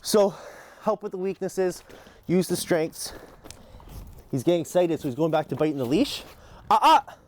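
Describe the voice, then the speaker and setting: Male dog trainer, higher-pitched voice, talks through drills and snaps out cheerful commands. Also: moderate pace, long pauses. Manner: explains calmly, then barks short upbeat commands to the dog. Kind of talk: hands-on training demonstration. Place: outdoors in a yard, training a dog.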